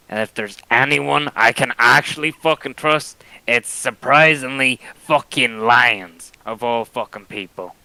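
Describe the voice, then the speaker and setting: A man's voice: mid-range voice, pushed and bright, clean tone, no room sound, poor audio. A man cutting a taunting wrestling promo, mocking his opponents and swearing often. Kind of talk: trash-talking wrestling promo.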